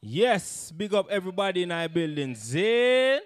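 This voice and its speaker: A man, performing dancehall live on a festival stage, chanting rhythmic lyrics between hype shout-outs. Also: sits high, big pitch swings, unhurried, smooth. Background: dancehall music.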